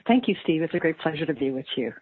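A woman answering interview questions thoughtfully, pausing with ums. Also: low voice, big pitch swings, breathy edge, dry recording. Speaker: guest astrologer. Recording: tinny phone-like line.

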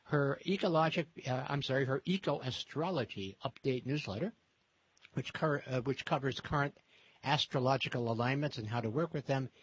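A man's voice: medium pitch, normal speed, slightly rough. A man hosting an interview show, chatty and storytelling, with a few fillers. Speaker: host. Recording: dry muffled lo-fi sound.

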